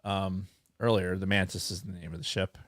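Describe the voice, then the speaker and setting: A man's voice: sits low, little pitch movement, moderate pace, dry recording, clean studio sound. A man co-hosting a podcast in casual chat, wry and rambling, swearing as he gropes for names. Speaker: podcast co-host.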